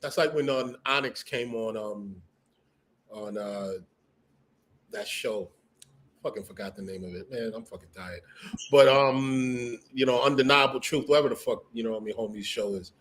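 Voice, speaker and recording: A man's voice: mid-range voice, normal speed, fairly bright tone, a little hiss or hum. A man co-hosting a podcast in casual chat, laid-back, slangy and profane. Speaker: podcast co-host.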